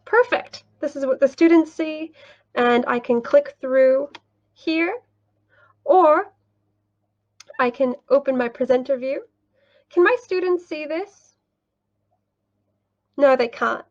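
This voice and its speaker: A woman teaching English online, walking through screen sharing and acting out a mock class, patient and unhurried, laughing lightly now and then. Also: high-pitched, darkish tone, highs cut off.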